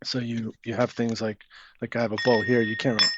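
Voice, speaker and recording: A man's voice: medium pitch, flat delivery, brisk, heavy background noise. A man, an author giving an interview, talking casually and hesitantly with many fillers and restarts. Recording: dull lo-fi sound.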